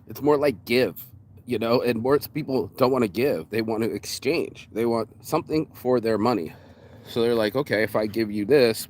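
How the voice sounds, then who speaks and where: A man's voice: lowish voice, a little hiss or hum. A man vlogging outdoors in a rambling, profane casual monologue, calling the listener "bro". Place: outdoors in public.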